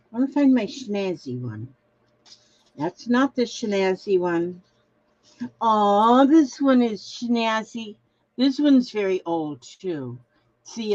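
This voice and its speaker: Slow, lively-voiced chatty woman host. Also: mid-range voice, lo-fi sound. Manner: rambling, chatty, reads viewer comments aloud. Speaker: craft livestream host. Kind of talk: casual live-stream chat.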